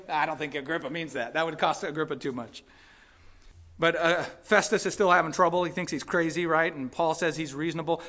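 A high-pitched man delivering a Sunday sermon. He moves between quiet explanation of scripture and loud, impassioned preaching. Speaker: pastor.

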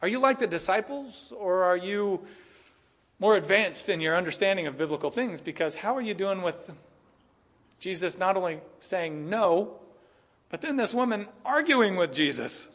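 A man's voice: sits high, expressive, moderate pace, fairly bright tone. A male pastor preaching with a voice that sits a little above the usual male range. He talks earnestly through a passage. He keeps pressing his listeners with rhetorical questions. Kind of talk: expository sermon.

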